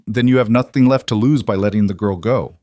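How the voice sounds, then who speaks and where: A brave young woman in an audiobook thriller, quiet and firm, as a male narrator puts her on. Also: on the low side, fairly quick, no echo, studio quality, lightly acted. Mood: resolute.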